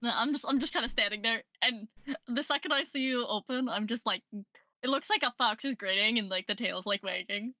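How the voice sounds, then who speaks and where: A woman with a high, bright voice chatting as a tabletop game player. She is giggly and quick to laugh, and her voice sounds dry and close, with no room around it. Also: no room sound. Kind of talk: playing a tabletop game over voice chat.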